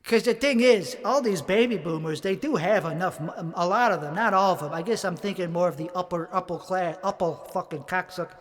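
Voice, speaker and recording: A man with a high, bright-sitting voice rambles through a solo monologue, swearing constantly and second-guessing his own material. He speaks in a put-on accent. He is recording alone in a home studio. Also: brisk, hardly any pauses, long reverb tail. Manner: profane, rambling, self-critical. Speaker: comedian working out bits.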